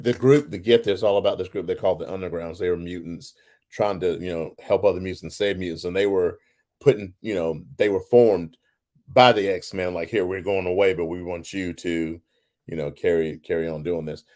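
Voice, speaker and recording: A man co-hosting a casual chat show, talking loosely and swearing, jumping up into a high voice when he retells his own reactions. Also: steady tone, fairly quick, a little mellow. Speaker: co-host.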